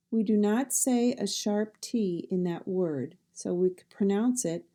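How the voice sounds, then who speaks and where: A woman teaching pronunciation, drilling sounds and words slowly and repeating each one. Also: medium pitch, expressive, warm tone.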